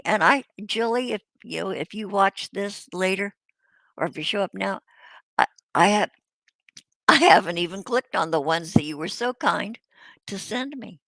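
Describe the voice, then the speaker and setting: A woman hosts a live stream and chats with her viewers, often pausing and restarting her sentences. Her voice is gravelly and lowish, and she talks slowly. The sound is dry and close. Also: a bit bright, dry recording. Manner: hesitant, halting, many restarts. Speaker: livestream host. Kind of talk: casual live chat with viewers.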